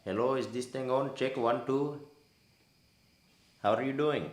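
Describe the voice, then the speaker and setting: A man putting on an Indian accent as a chirpy prank-call caller, loud and sing-song. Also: medium pitch, measured pace, pitched above the performer's own voice, lightly acted. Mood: playful. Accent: Indian, put on. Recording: echoey room, faint background noise.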